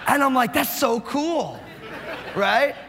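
A pastor from New Jersey preaching a sermon with fast, animated, joking delivery. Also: male voice, extremely high pitch, a crowd in the background, background noise. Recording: long hall reverb.

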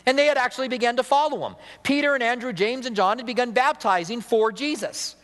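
A man with a high, bright-edged voice preaches a sermon, talking to the congregation like a conversation and asking them questions. His words ring out with a long reverb, as in a big hall. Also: fast. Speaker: pastor.

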